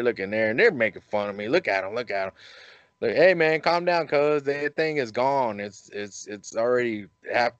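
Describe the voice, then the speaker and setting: A man hosting a podcast, telling a story in a casual, animated way. He laughs at his own jokes and his voice jumps up high when he quotes himself. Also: smooth, dry recording, dull audio. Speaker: podcast host.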